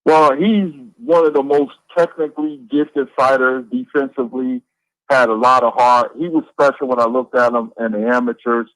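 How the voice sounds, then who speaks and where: A man co-hosting a casual boxing chat, talking in a measured, reflective way. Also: medium pitch, steady tone, a bit bright, no echo, poor audio. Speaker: co-host, boxing commentator. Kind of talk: casual live-stream chat.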